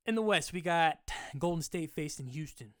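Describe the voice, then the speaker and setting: A man's voice: on the high side, expressive, moderate pace, clear, resonant tone, no echo. Profane, rambling young-sounding man, dry close mic. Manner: loose, profane, rambling, jokey. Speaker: podcast host. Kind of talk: casual sports chat.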